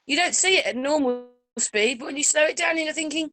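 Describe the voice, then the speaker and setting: A woman chatting casually as a host, animated, acting out quotes as she goes. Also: high-pitched, brisk. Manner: animated, acts out quoted voices. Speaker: channel host. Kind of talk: casual conversation.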